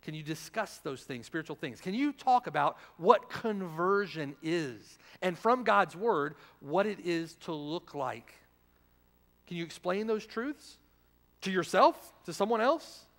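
Male pastor, sermon, pitched a bit high, punchy rhetorical questions, long church reverb. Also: expressive, measured pace. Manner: emphatic, rhetorical questions, swings from loud to hushed. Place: church sanctuary.

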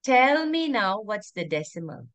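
A woman's voice: medium pitch, big pitch swings, measured pace, fairly bright tone, highs cut off. A woman teacher, teaching an online class over a video call, firmly repeating instructions and calling on pupils by name. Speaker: primary school teacher.

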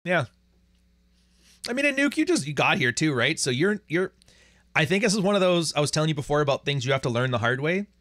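A man's voice: fairly high pitch, sing-song, brisk, a bit bright, dry recording, studio quality. A man hosting a livestream who rants bluntly and crudely and reads out viewer chats. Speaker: livestream host. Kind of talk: profane livestream rant.

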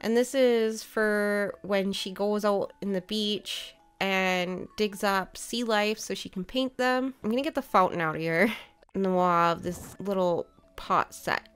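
A woman giving casual gameplay commentary, chatting and thinking out loud as she decorates, with playful asides. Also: medium pitch, measured pace, smooth, faint music behind. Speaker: gaming video creator.

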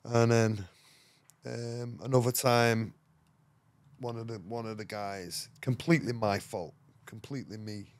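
A man's voice: mid-range voice, steady tone, a little slow. Slangy English man telling a story. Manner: rambling, swears often, slangy, fillers like "you know what I mean". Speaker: podcast guest. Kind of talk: casual storytelling.

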